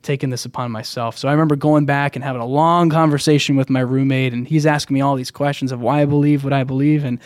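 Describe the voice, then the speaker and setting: A man's voice: medium pitch, little pitch movement, quick pace, few pauses, smooth, no room sound, clean studio sound. A young American man telling his personal faith story as a podcast guest, earnest and rambling, with many restarts.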